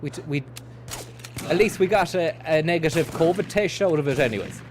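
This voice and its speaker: A man's voice: fairly high pitch, brisk, noisy background. A man streaming a game, rambling and swearing casually while he reads out and answers chat messages. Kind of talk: casual let's-play commentary.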